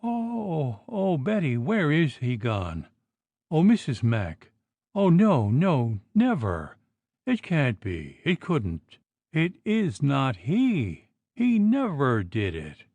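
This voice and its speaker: A woman's voice: wildly swooping pitch, takes it slowly, mellow, no room sound, exaggerated voice. A man voicing a terrified, frail young wife, pleading and screaming in hysterical fear. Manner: shrill, pleading, breaking into screams.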